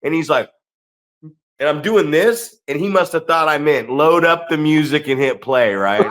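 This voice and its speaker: A man co-hosts a podcast, telling a long story in loose, rambling fashion and swearing freely. He keeps tossing in "right?" to check his listener is following. His voice sits a little higher than most men's. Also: a little slow, fairly bright tone. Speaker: podcast co-host and pro wrestler.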